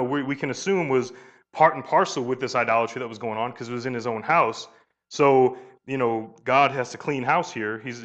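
A man giving informal Bible teaching, asking his listeners questions, tossing in "you know" and "right?", and retelling the story's exchanges in lively voices. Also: mid-range voice.

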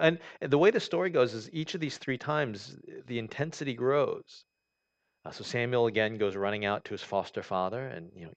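A man's voice: on the low side, animated, fairly quick. A man preaching a sermon in a conversational way, reading scripture aloud and explaining it with many fillers and restarts. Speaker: pastor. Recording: dull lo-fi recording.

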